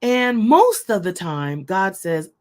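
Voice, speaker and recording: A middle-aged woman hosting a casual faith talk, loud, fast and forthright in how she speaks. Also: mid-range voice, sing-song. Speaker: host.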